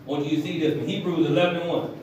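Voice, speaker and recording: A pastor delivers an animated sermon in a high voice, acting out voices as he preaches. He stands far from the mic, and the hall around him rings with heavy echo. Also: rapid-fire, background noise. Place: church hall. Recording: echoey hall, heard from far.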